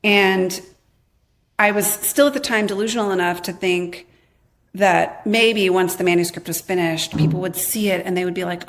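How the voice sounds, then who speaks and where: A woman in her thirties, a podcast guest candidly telling her own life story, quoting her past self in lively bursts with a lot of "like". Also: on the low side, normal speed. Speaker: podcast guest, memoir author.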